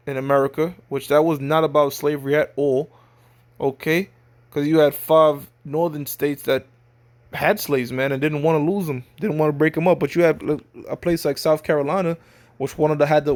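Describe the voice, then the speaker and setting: A man's voice: on the high side, darkish tone. Man teaching scripture informally. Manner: conversational, keeps checking in with listeners; slangy street talk. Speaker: religious teacher.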